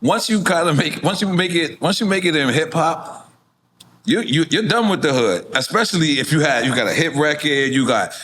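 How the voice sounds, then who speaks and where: A man's voice: on the high side, lively intonation, normal speed, a bit bright. A middle-aged man from Queens, hosting a casual interview and rambling with frequent stammers and restarts. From Queens, New York. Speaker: podcast host.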